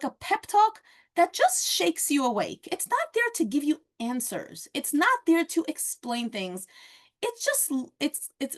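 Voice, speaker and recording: Animated woman teaching Torah lesson. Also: sits high. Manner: animated, conversational, acts out quotes. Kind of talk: casual lecture.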